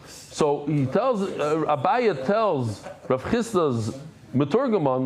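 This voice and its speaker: Animated man teaching a daily Talmud class. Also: on the high side, slow pace. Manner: animated, repeats phrases, explains Hebrew and Aramaic terms in English; jokey asides to the class.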